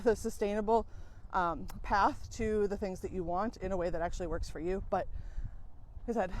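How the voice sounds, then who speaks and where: A woman's voice: mid-range voice, a little mellow, slight background noise. A woman coach talking frankly to her viewers, swearing casually and using many fillers. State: out of breath. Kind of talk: casual monologue to camera.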